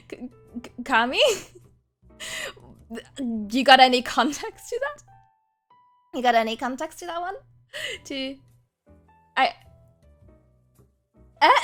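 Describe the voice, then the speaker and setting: A woman's voice: sits high, a bit bright. A woman streamer chatting casually with her viewers, laughing often and rambling with restarts.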